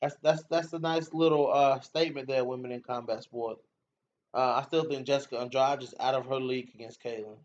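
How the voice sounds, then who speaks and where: A man's voice: mid-range voice, fairly even intonation, fairly quick, a little mellow, a little hiss or hum. Slangy man hosting a lo-fi livestream. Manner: slangy, laughs often, repeats himself. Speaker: MMA show host reading live comments. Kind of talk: casual livestream chat. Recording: dull lo-fi stream audio.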